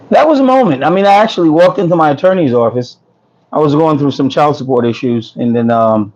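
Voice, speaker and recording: Very animated and a little high, this New York man speaks at a moderate pace with a slightly mellow tone, his phone recording muffled. He's hosting a casual food truck business livestream, reading comments and joking and laughing with viewers as his voice slips away.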